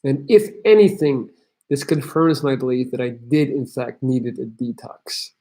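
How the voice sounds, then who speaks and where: A man's voice: mid-range voice, measured pace, warm tone. A young man from Belgium, hosting a livestream where he reads chat messages aloud and gives blunt, crude tough-love advice. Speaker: host.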